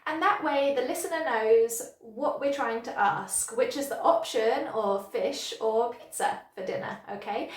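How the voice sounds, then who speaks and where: Woman, English teacher, higher voice, clear and encouraging, echoey room. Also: normal speed. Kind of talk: online pronunciation lesson.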